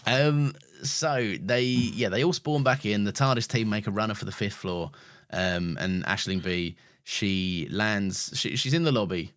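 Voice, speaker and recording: A man's voice: on the low side, a little slow, a bit bright, no echo, studio quality. A man co-hosting a podcast, recapping an episode and swearing freely. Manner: swears often, laughs a lot. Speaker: podcast co-host. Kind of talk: casual chat. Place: podcast room.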